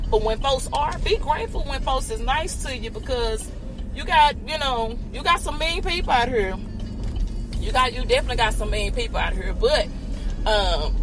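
A woman podcast host giving a live faith talk while driving, breaking into loud joyful praise. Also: a little high, low-quality recording. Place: in a car. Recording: street and car noise. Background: car and road noise.

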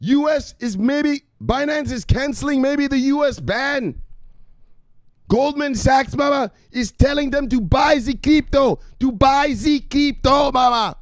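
A man voicing an excitable grown son who brushes off his mother in a shrill, dismissive, breathless rush. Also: measured pace, dry recording. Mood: dismissive, excited.

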